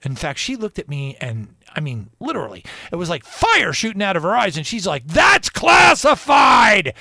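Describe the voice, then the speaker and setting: A man's voice: on the high side, very animated, a little fast, vocal fry, bright, forceful tone, dry recording, clean studio sound. A man hosting a radio show, talking in a rambling, digressive casual monologue.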